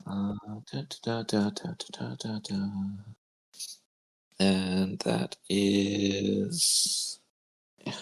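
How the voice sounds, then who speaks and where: Low slow guy game master, lots of um and uh. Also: fairly even intonation, gravelly. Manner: halting, many fillers. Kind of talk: narrating a tabletop game.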